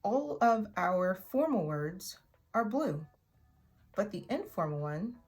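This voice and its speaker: A woman's voice: mid-range voice, very animated. Chatty woman teaching English vocabulary. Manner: chatty, repeats words slowly for learners to echo. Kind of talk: casual vocabulary lesson. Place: in Oklahoma.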